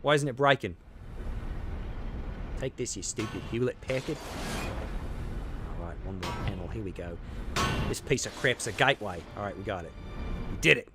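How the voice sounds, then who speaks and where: A man's voice: on the low side, animated, normal speed, pauses often, faint music behind. A middle-aged man giving chatty, rambling commentary while streaming a game, joking at his own mistakes and cheering his character on. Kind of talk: casual gameplay commentary.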